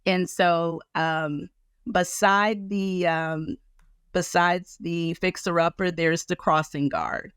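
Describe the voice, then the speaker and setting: A woman counselor speaking in a conversational interview, animated and acting out other people's reactions as she explains. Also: on the low side, smooth, no echo. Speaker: guest counselor.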